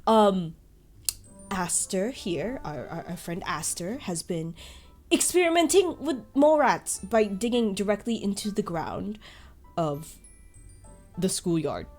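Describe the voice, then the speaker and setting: A woman's voice: mid-range voice, animated, slow pace, darkish tone, faint music behind. A woman voicing a flustered, apologetic male archivist who stammers in a tabletop game.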